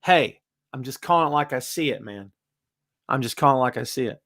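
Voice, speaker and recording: A man hosting a casual live-stream chat, reading viewer comments aloud and answering them in an animated, emphatic way. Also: fairly quick. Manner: wide swings in pitch and loudness, emphatic. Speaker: host.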